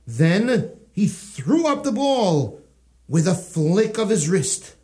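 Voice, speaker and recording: A man narrating a rhyming children's story in a sing-song, expressive way. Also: high voice, slow. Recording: music playing behind.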